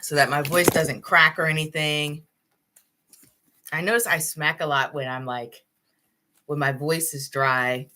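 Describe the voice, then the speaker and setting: A woman's voice: sits low, steady tone, measured pace, pauses often, bright, forceful tone, slight background noise. A young woman hosting a live tarot stream, chatting casually with her viewers and laughing often.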